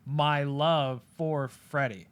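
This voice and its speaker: A man co-hosting a podcast who thinks aloud in a measured, deliberating way while weighing his picks in a casual movie debate. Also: a little high, steady tone, clear, resonant tone. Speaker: podcast co-host.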